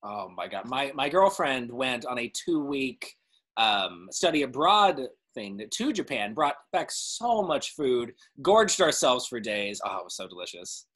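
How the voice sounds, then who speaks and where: A man's voice: medium pitch, sing-song, measured pace, a bit bright. A man hosting a live show, upbeat and playful while chatting with a guest. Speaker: host.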